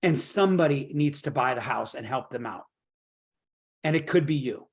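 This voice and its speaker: A middle-aged man teaching a real estate workshop in an energetic, motivational way, stacking up repeated phrases and often checking in with "right?". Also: medium pitch, moderate pace, husky. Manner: builds points through long repeated phrases.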